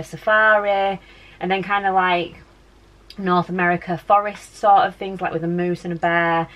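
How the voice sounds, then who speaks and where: A woman's voice: mid-range voice, a bit bright, a little hiss or hum. A woman, chatting casually as she vlogs from her child's bedroom at home, rambling with lots of fillers. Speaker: vlogger and mum. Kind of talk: casual home vlog chat.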